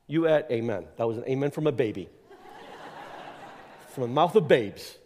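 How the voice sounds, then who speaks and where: A man's voice: medium pitch, a little slow, slight background noise. Man speaking in an echoey church. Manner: energetic, emphatic, rambling with fillers. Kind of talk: informal church address. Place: church sanctuary. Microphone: clip-on mic that keeps slipping.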